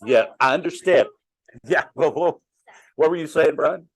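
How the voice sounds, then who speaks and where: A man's voice: on the high side, a little slow, no echo. A middle-aged man teaching a Bible class in a conversational way, asking the class questions and joking with them. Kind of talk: interactive Bible study teaching.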